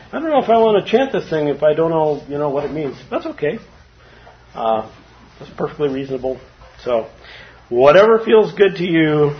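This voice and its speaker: A man leads a relaxed dharma talk, his voice sitting a bit high and swinging freely up and down. He speaks in an informal, chatty way and often laughs. The recording sounds dull and lo-fi. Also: slight background noise.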